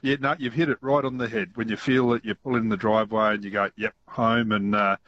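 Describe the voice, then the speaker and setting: A man's voice: lowish voice, flat delivery, fast talker, fairly bright tone, dry recording, highs cut off. A man with an Australian accent chatting cheerfully on radio as a music presenter. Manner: easygoing, cheerful. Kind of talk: casual radio chat.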